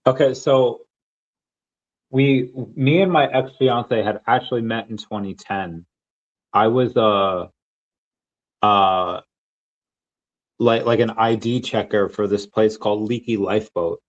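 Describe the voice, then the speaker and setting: A man in his thirties hosts a podcast, rambling through a long story in casual chat full of fillers and restarts. His lowish voice is steady and slow, with frequent pauses, and the audio sounds dull.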